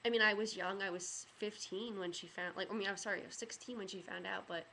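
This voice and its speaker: A woman's voice: mid-range voice, steady tone, quick pace, vocal fry, few pauses, pushed and bright, slight background noise. A young woman in a casual storytelling vlog, rambling with many fillers and getting emotional as she talks. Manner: rambling, heavy use of "like" and "you know"; emotional, gets choked up. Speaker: vlogger.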